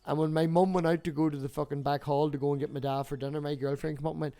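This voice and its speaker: Male livestream host, 30s, swears freely, slightly high voice. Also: very fast. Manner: swears freely, animated storytelling. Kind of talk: casual chat.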